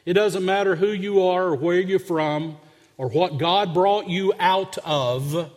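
A man's voice: high-pitched, slow. A male pastor preaching a sermon, telling a humorous story with an earnest, conversational manner. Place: church sanctuary. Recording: long hall reverb.

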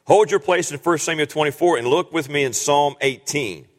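A man's voice: fairly high pitch, normal speed. A man preaching a sermon and reading scripture, earnest, with frequent fillers and restarts, rising to emphatic peaks. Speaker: pastor. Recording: long hall reverb.

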